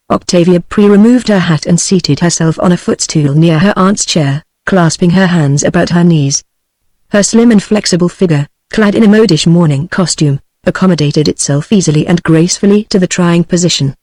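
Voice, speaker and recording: A woman's voice: lowish voice, normal speed, darkish tone, no echo. A synthetic woman's voice with a British accent, narrating a classic story as a text-to-speech audiobook. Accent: British English.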